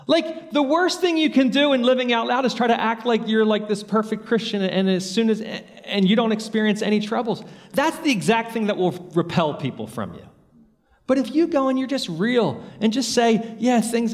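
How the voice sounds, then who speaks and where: A man's voice: high voice, normal speed, in a large hall. A man preaching a sermon, earnest and storytelling, rising to emphatic peaks.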